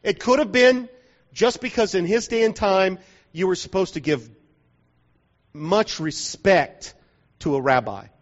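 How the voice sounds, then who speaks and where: Captured in a muffled, lo-fi church hall recording, a man with a high voice gives a sermon that feels like a joking conversation. He often pauses to ask whether everyone is following.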